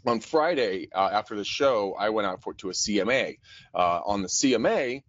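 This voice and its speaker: Man co-host in his 40s, energetic and profane, dry dull-sounding mic. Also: on the low side, normal speed, no echo. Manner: energetic, profane, laughs often. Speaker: podcast co-host, real estate agent. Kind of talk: casual chat. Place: office.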